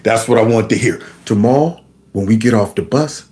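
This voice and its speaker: A man voicing a huge middle-school bully boy who growls out slow, low threats. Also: dark tone, close to an everyday voice. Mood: menacing.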